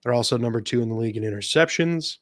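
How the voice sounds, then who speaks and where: A man co-hosting a casual sports podcast, running through football injury news with a relaxed tone and easy laughs. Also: mid-range voice, racing, no room sound. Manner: relaxed, laughs often, stats-heavy rundown. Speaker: podcast co-host.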